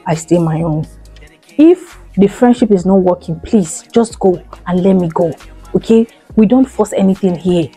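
A woman's voice: medium pitch, dark tone, breathy edge. A woman, talking casually to camera as a vlogger, emphatic and chatty, repeating her phrases and calling her viewers "girl.".

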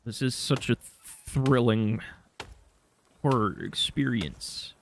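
A man streaming a survival game, giving casual commentary with sarcastic deadpan jokes and laughing at his own lines. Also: mid-range voice, slow, slight background noise.

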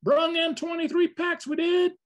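A man's voice: very high voice, flat delivery, moderate pace, pitched above the performer's own voice. A man voicing a boastful old mountain-man fur trapper who talks in a thick backwoods drawl full of rustic slang.

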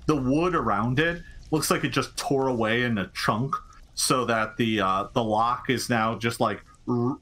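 A man's voice: medium pitch, unhurried, sharp tone. A man narrating as game master of a tabletop game, rambling with many fillers and restarts.

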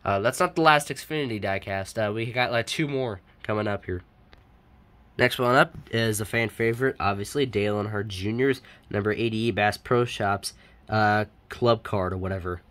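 A man's voice: lowish voice, moderate pace, fairly bright tone. A man chatting casually as he unboxes die-cast cars, rambling with lots of fillers and self-corrections. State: sniffly. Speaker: die-cast collector and YouTuber.

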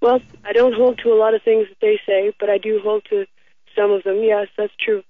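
A woman's voice: medium pitch, little pitch movement, brisk. A woman calling in to a radio talk show, speaking in an earnest, preachy way over the phone. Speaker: caller. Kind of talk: casual call-in chat. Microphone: telephone. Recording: tinny phone line.

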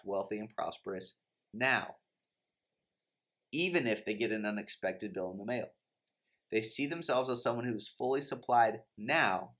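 A man's voice: mid-range voice, a bit bright. A man in his thirties teaching in an earnest, emphatic way, often acting out the prayers and reactions of believers. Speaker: Christian finance teacher. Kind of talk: motivational faith teaching.

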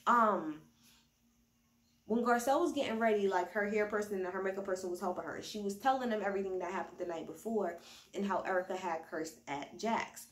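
A woman's voice: medium pitch, brisk. A woman giving a casual, profanity-laced recap while a little tipsy, recorded at home without a proper mic. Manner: slangy, profane, chatty. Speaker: reality TV recapper. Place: at home indoors. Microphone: built-in device mic, no external mic. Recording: roomy echo, no proper mic.

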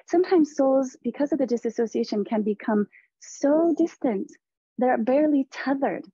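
Husky, warm-toned woman lecturing slowly. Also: high-pitched, animated, no room sound. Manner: slow, deliberate, earnest teaching. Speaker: presenter on a teaching panel. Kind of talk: spiritual lecture to therapists. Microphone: video call. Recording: dull lo-fi video call audio.

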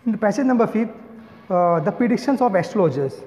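A man's voice: sits high, expressive, quick pace, darkish tone. A man with an Indian English accent explaining a story to students as their English teacher, hesitant, with many fillers, repeating words and spelling them out. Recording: echoey, dull lo-fi recording.

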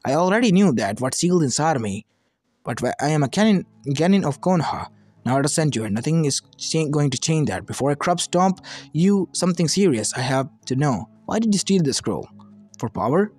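Brief: deadpan, sharp young ninja boy read by a man, slightly high voice. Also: a little fast, breathy edge. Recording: soft lofi music behind.

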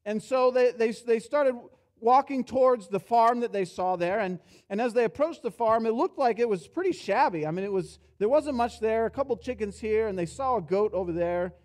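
A pastor preaching a sermon in a church, telling a story and acting out its characters, dropping soft and low for reflective points. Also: male voice, animated, normal speed, few pauses. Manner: storytelling, acts out characters' lines with rising energy. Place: church sanctuary.

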